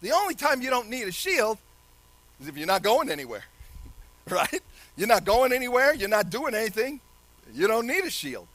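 Man, very high voice, bright and forceful, animated sermon, laughs a lot, dry sound. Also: moderate pace, long pauses, no echo. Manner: animated preaching, laughing often, shouting some phrases. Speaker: preacher.

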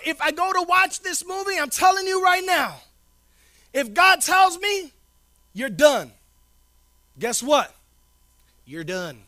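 High-voiced emphatic preaching man. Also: no room sound. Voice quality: informal slangy delivery. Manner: emphatic, repeats key phrases, swings between loud declarations and low asides. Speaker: pastor. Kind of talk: sermon.

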